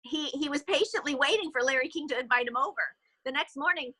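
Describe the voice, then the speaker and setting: A woman sales director telling a motivational story in an animated way, with fillers, on a video call. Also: sits high, quick pace, no echo, poor audio.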